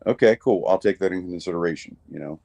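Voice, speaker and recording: A man's voice: deep voice, quick pace, gravelly, warm tone. A middle-aged man, a guest musician on a video call, chatting casually in a rambling way with frequent restarts and the odd swear word. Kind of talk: casual chat.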